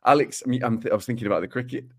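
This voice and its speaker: A man's voice: medium pitch, very fast. A man with a Dudley accent co-hosting a podcast, chatting casually, reading out listener letters and making playful, mock-serious jokes. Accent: Dudley, Black Country English. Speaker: podcast co-host.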